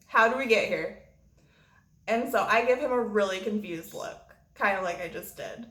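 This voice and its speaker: A woman's voice: mid-range voice, normal speed, a bit bright. A woman vlogger telling a story in a blunt, profane way. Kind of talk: storytime vlog. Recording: roomy echo.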